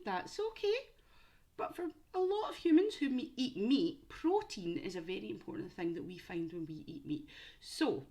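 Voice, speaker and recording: A woman's voice: medium pitch, darkish tone. A young woman teaching young children through a home-learning quiz, with exaggerated questions and encouragement. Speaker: primary school teacher.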